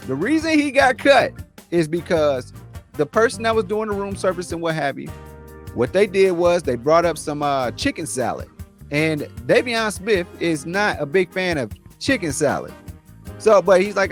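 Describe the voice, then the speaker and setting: A man's voice: fairly high pitch, sing-song, normal speed, faint music behind. A man co-hosting a casual podcast, riffing loosely on the news and repeating words as he goes. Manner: laid-back, repeats words, says man a lot. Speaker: podcast co-host. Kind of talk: casual news commentary chat.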